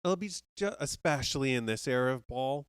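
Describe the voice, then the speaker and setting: A man's voice: mid-range voice, animated, fairly quick, smooth, no echo, studio quality. A man hosting a podcast, ranting casually about baseball with heavy swearing and rambling restarts. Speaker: podcast host. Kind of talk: casual sports rant.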